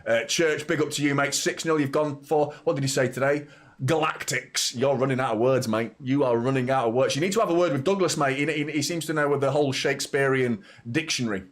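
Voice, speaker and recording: A man's voice: medium pitch, a little fast. A young man hosting a football watchalong live stream, chatting casually, reading out viewer comments and often stumbling over his words. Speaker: football channel host.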